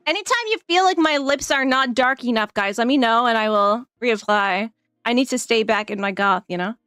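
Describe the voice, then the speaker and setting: A fairly high-voiced woman streamer who chats casually with her viewers, giggling a lot and rambling through her fillers. The sound is close and dry, with faint music playing underneath. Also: lively intonation, moderate pace, a bit bright, clear, resonant tone, no room sound. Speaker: live streamer. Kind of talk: casual live-stream chat.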